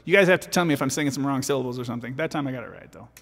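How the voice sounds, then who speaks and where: A man with a gravelly, fry-tinged voice chats loosely and self-deprecatingly with his viewers between takes, answering their comments as he records. His voice carries a long reverb tail, with faint music underneath. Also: medium pitch, racing, a bit bright. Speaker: vocal jazz arranger recording his own parts. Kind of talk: casual livestream chat while recording.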